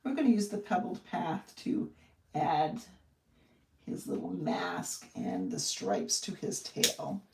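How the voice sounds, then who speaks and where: A woman's voice: deep voice, wildly swooping pitch, slow, recorded from a distance, a little hiss or hum. A woman hosting a live card-making demonstration, chatting in a friendly, rambling way and thinking aloud as she works. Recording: echoey room, voice set back from the mic.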